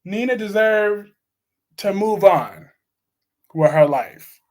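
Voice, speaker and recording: Blunt, high-voiced man ranting on stream. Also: animated, slow, darkish tone. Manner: blunt, opinionated, repetitive emphasis. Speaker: soap opera commentator reading live chat. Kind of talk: casual live-stream chat.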